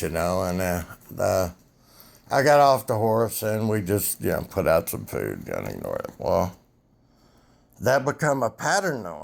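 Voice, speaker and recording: A man telling a personal story in a profane, folksy way that builds slowly. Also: sits low, vocal fry.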